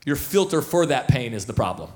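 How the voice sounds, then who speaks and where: A very animated, fairly quick man with a medium-pitched voice preaches as senior pastor in a church auditorium. He's in his thirties, and his sermon unfolds as casual storytelling full of fillers and restarts.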